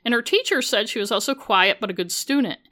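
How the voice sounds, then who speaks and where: Speaking quickly in a pushed, bright voice on the high side, a woman who used to be a journalist runs a true-crime podcast. Her narration is casual, peppered with sarcastic remarks and plenty of cursing.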